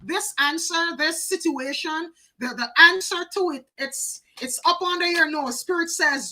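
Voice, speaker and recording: A woman's voice: very high-pitched, unhurried, few pauses, pushed and bright, slight background noise, poor audio. A woman doing a live oracle card reading, chatty, talking to viewers by name and repeating phrases for emphasis.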